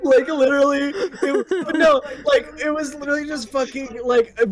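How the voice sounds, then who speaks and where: A man's voice: very high voice, fairly even intonation, moderate pace, a crowd in the background. A young man narrating as game master in a tabletop game, rambling and laughing as he describes scenes.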